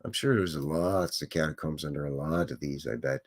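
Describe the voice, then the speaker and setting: A Canadian host with a rumbling low voice runs a live show, casually commenting and joking at a moderate pace as he reacts to old photos he's looking at.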